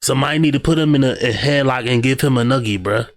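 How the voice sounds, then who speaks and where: Dude ranting over a clip, slangy, keeps saying bruh, mid pitch. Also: male voice, fast talker. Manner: slangy, teasing, says "bruh" often. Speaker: reaction video host. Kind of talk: casual reaction commentary.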